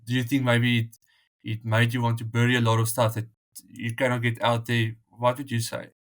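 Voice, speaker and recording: A man's voice: mid-range voice, completely flat delivery, moderate pace. A man interviewing a guest, asking long questions hesitantly and stumbling over his words.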